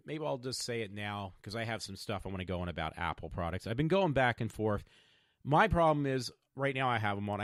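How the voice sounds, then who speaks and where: A man's voice: on the low side, no echo, clean studio sound. Rambling man in his fifties. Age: 50s. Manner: meandering, stop-start, many fillers and restarts. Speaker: podcast host. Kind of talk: rambling personal vlog.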